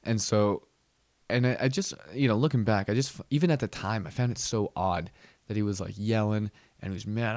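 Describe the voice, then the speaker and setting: A man's voice: fairly low pitch, moderate pace, no echo. A man hosting a comedy podcast, telling a rambling, profane story in a casual way. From Southern California. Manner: rambling, swears freely, acts out yelling and sings song snippets.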